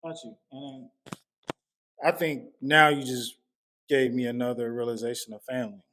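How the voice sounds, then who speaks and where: A man's voice: mid-range voice, fairly even intonation, normal speed, fairly bright tone. Reflective man in a family talk. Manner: reflective, affirming. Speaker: brother in family conversation.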